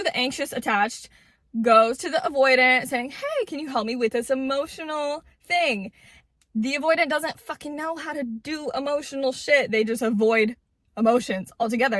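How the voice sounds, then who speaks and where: A woman's voice: sits high, a bit bright, no room sound. A woman giving casual relationship advice to camera, blunt and emphatic, swearing freely and repeating words for stress.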